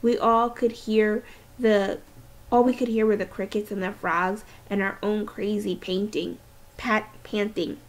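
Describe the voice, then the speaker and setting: A woman teacher reading a novel aloud, expressive and with small restarts. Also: medium pitch, unhurried.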